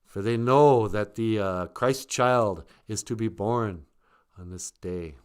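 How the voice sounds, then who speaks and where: A man's voice: lowish voice, slow pace, clear, resonant tone. A man casually retelling a story on a live stream, joking and chuckling.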